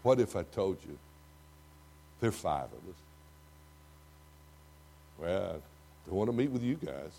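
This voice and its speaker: A dramatic older preacher with a Texan accent, delivering a sermon to a church congregation. His dark, mellow voice swings between booming emphasis and quiet asides. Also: very animated, measured pace, creaky, pauses often, slightly rough. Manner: dramatic, swinging from loud to hushed.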